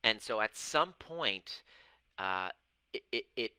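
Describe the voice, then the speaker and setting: Man, 40s, self-help coach to camera, emphatic and deliberate, lowish bright voice. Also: animated, smooth, dry recording, low-quality recording. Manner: emphatic, stretches key words slowly, repeats and restarts. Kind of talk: monologue to camera. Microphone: camera mic.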